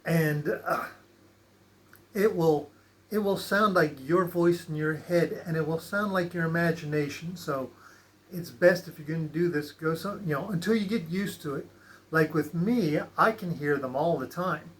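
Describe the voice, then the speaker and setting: A man's voice: a little high, a little slow. A man hosting a spiritual channel, talking casually with many fillers and restarts. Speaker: channel host.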